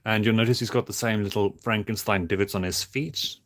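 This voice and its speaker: A man streaming casually while building toys, talking in a flat, monotone way with many halting restarts. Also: lowish voice. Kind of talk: casual livestream chat.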